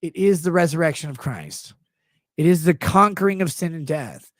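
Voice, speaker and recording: A man's voice: a little high, moderate pace, no echo. A man hosting a livestream, talking through a casual, irreverent monologue in a profane, mocking way. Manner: profane, mocking, animated riffing. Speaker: livestream host.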